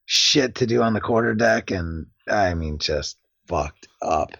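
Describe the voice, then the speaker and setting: Guy with a low gravelly husky voice swearing through a story, dull dry lo-fi sound. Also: a little slow, dry recording. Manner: profane, animated storyteller, laughs often. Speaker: podcast co-host, Marine veteran. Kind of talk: casual chat.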